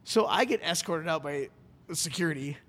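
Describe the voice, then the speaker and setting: A man hosting a podcast, telling a story in a rambling, animated way and acting out what people said. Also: a little high, moderate pace. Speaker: podcast host. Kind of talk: casual storytelling chat. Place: studio.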